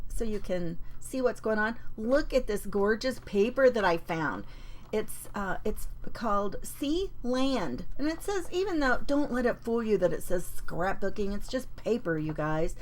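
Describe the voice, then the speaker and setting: Lively chatty woman hosting a craft demo. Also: medium pitch, a little hiss or hum, low-quality recording. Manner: chatty, greets viewers by name. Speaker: paper-craft host. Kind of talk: live craft demonstration. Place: home craft desk.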